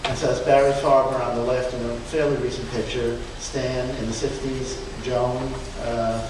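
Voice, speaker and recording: A man giving an informal slide presentation at a book event, speaking haltingly with many restarts and fillers and chuckling now and then. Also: medium pitch, level tone. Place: event room in a museum. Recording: echoey room, far from mic, background noise.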